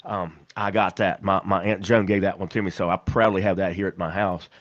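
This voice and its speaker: A man's voice: deep voice, level tone, a little fast, fairly bright tone, dry recording, lo-fi sound. A man with a West Virginian accent, a podcast host telling folksy stories in casual chat and laughing often. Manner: folksy storyteller, laughs a lot.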